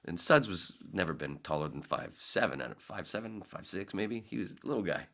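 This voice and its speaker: A man's voice: sits low, normal speed, vocal fry. A middle-aged man hosting a podcast, telling a long anecdote in a loose, casual way and acting out the quoted lines. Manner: animated anecdote-telling, laughs often, acts out quotes. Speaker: podcast host. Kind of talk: casual storytelling.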